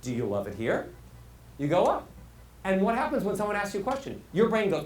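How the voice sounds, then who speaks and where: A middle-aged man teaching as a voice coach, animated and swinging his pitch widely to make his points. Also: fairly quick. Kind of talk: speaking lesson. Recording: roomy sound with faint hiss.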